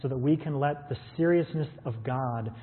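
A man's voice: medium pitch, normal speed. A man preaching a sermon to his church, earnest and conversational, asking rhetorical questions. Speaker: pastor. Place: church with stream audience. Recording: phone-like sound with long hall reverb.

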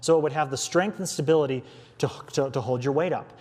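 A man's voice: medium pitch, fast, a little mellow. A man preaching an earnest expository sermon, restarting phrases as he works through a text. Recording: long hall reverb.

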